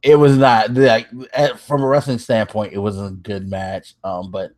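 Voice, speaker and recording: A man hosting a podcast, recapping wrestling in casual chat. He gets excitable, swears freely and laughs as he tells it. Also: on the low side, normal speed. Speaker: podcast host.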